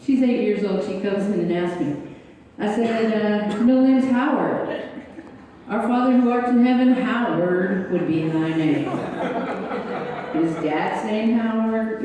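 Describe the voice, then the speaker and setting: A woman's voice: medium pitch, mellow. Chatty woman in her sixties. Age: 60s. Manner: chatty, self-mocking storytelling. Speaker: stand-up comedian. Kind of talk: stand-up comedy set. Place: comedy club stage. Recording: echoey club hall, mic from far off.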